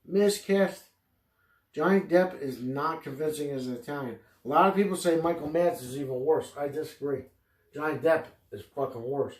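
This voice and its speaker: A man's voice: fairly high pitch, normal speed, darkish tone, echoey room. A man hosting a podcast in a rambling, improvised comedy monologue, swearing freely and jumping from one tangent to the next. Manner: profane, rambling, digressive. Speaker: podcast host.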